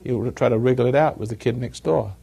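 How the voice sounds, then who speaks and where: A man's voice: mid-range voice, brisk, vocal fry, warm tone, husky. A man giving a rambling talk to a live audience, chuckling at his own jokes as he tells stories. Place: evening gathering with an audience.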